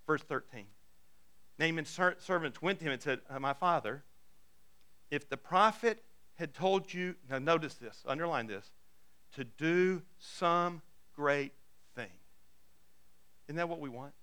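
A man's voice: normal speed, pushed and bright, clean tone. A man preaching a sermon, retelling a Bible story in casual words and acting out the characters' lines. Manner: lowers his voice for the closing appeal. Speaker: pastor.

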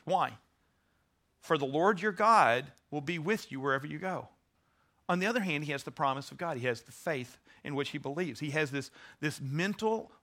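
High, bright-voiced male preacher. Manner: earnest, teaching, with frequent restarts and repeated words. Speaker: pastor. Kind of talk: sermon.

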